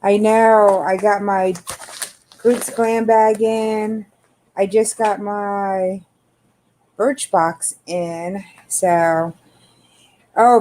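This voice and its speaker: A middle-aged woman hosting a live chat, talking slowly and easily. Her voice is mellow and dark, a bit tired, and she keeps pausing to greet viewers one by one. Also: medium pitch. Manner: relaxed, unhurried, greets viewers by name. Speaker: livestream host.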